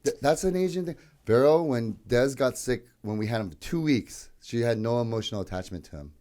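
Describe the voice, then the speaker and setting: A man's voice: medium pitch, lively intonation, fairly quick, warm tone. Chatty young man on a podcast. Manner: loose, chatty, lots of "like" and "yeah". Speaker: podcast co-host. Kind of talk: casual storytelling chat.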